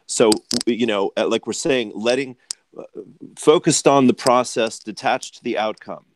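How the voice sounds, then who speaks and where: A man's voice: mid-range voice, moderate pace, slight background noise. A man hosting a spiritual webinar over a video call, affectionate and encouraging, laughing often. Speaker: webinar host and channeler. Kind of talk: casual group video chat.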